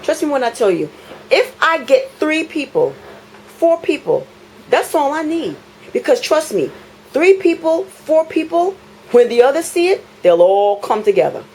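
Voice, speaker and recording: A woman's voice: high-pitched, sing-song, normal speed, a little mellow, slight background noise, low-quality recording. Indignant New woman venting at home. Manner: indignant, emphatic, repeats phrases for effect. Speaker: tenant filming a complaint. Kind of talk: impassioned complaint vlog. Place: her apartment, indoors.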